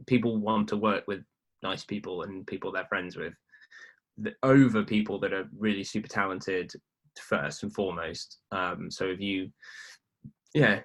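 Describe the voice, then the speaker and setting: A man with a fairly low voice talks shop as a podcast guest. He speaks in an easygoing, halting way, circling back and restarting his sentences. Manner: relaxed and hesitant, with many fillers and restarts. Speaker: filmmaker guest. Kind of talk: casual podcast chat.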